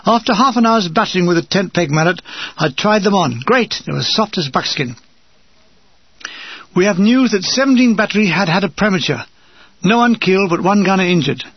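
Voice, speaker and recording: An older man from England reading a war memoir aloud with a dry, wry comic delivery and a gravelly, husky voice. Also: high voice, expressive, fairly quick, no room sound, lo-fi sound. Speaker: narrator.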